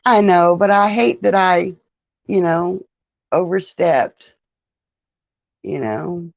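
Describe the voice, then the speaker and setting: A woman's voice: lowish voice, slow, creaky, dry recording, lo-fi sound. A woman hosting a casual livestream, chatting with viewers, greeting them by name and laughing often. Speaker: livestream host. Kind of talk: casual live-stream chat with viewers.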